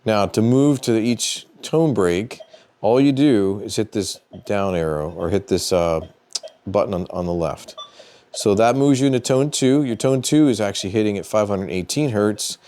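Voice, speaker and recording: A man hosting a metal detecting channel, explaining device settings in a relaxed, plain-spoken tutorial and thinking aloud as he goes. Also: lowish voice, moderate pace, a little hiss or hum. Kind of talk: casual how-to tutorial.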